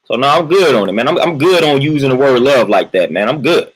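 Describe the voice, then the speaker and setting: Husky-voiced man venting on a livestream. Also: mid-range voice, animated, fairly quick, rough recording. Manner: emphatic, repetitive, keeps adding "man"; reads out chat names between points. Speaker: livestream host. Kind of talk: casual livestream monologue.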